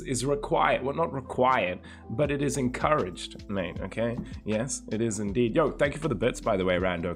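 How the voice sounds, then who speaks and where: Chatty young male livestreamer. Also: mid-range voice. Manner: chatty, teasing, swears freely. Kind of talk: casual chat with live viewers.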